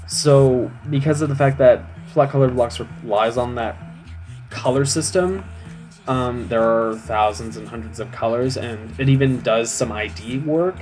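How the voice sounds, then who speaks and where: A man's voice: medium pitch, measured pace, a little mellow, soft background music. A young man rambling on a live game stream, full of "um"s and restarts, joking about himself. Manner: chatty, self-mocking. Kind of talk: casual live-stream chat.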